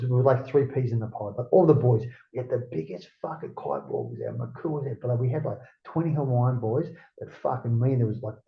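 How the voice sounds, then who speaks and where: A middle-aged man with an Australian accent and a gravelly, fry-laden voice tells stories in a rambling, animated rush, swearing at every turn. The sound is roomy and a little dull, as if the recording was made in a lo-fi, echoing space. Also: medium pitch. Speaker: interview guest. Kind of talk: casual storytelling.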